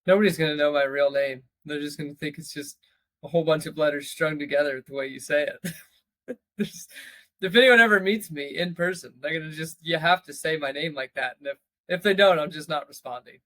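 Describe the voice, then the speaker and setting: Laughing man with a higher voice. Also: fairly quick, fairly bright tone, dry recording. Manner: laughing, playful, rambling. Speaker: podcast co-host. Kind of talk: casual podcast chat.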